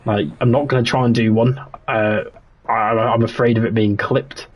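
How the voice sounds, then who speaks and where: A man's voice: medium pitch, fairly even intonation, moderate pace, slightly rough. A young man, chatting casually and rambling on a livestream while he plays a game, laughing often and restarting his sentences. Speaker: streamer.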